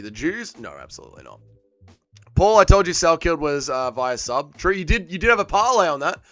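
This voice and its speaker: A man hosts a live fight watch-along stream, reacting loudly and chatting with viewers. His voice is bright and clear, on the higher side, and swings in pitch. The sound is dry and close, with faint music under it. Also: a little fast, no room sound. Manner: excitable, banters with chat, swears freely. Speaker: livestream host.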